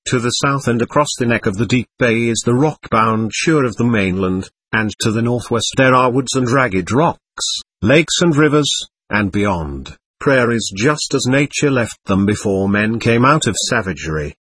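Man, audiobook narration, measured reflective reading, slightly husky voice, dry studio sound. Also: mid-range voice, animated, a bit bright, no echo. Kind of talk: scripted narration.

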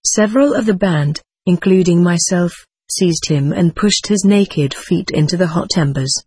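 A woman reads a first-person story aloud in a steady, dramatic way. Her voice is husky and somewhat low, recorded close in a dry room with no echo. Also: normal speed. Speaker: audiobook reader.

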